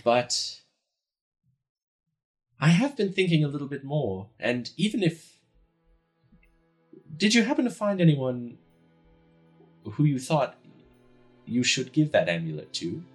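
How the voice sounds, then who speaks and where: A man's voice: a little high, sing-song, slow, long pauses, soft background music, pitched above the performer's own voice. A man doing a stern innkeeper woman.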